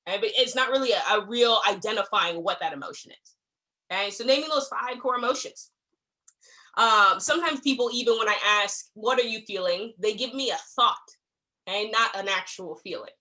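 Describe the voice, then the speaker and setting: A young adult woman runs a staff training session as a workplace trainer, chatting conversationally, checking in often, and acting out quoted exchanges. Her mid-range voice is bright and pushed, and she talks fairly quickly.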